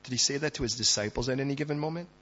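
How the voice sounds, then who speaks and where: A man preaching a sermon as a pastor, dramatic, swinging from loud emphatic lines to hushed ones. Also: mid-range voice, rapid-fire, lo-fi sound.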